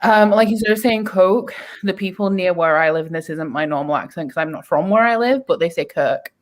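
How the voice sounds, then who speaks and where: A woman's voice: on the low side, a little fast. A woman with a British accent, co-hosting in a chatty, laughing group chat over a video call. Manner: chatty, laughs often, plays with pronunciations. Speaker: readathon co-host. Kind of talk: casual chat.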